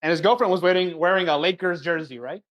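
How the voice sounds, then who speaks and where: A man's voice: high voice, fast talker, dull audio. A young man co-hosting a podcast in casual chat, telling stories in a laid-back way and tagging them with "right?". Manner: laid-back storyteller, drawls out asides like "right?". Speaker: podcast co-host.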